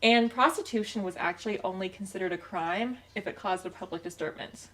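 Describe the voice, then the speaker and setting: A woman's voice: medium pitch, fairly quick. Chatty woman co-hosting a podcast. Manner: chatty, steers the talk back with "okay, well". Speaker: podcast co-host. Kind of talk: casual chat.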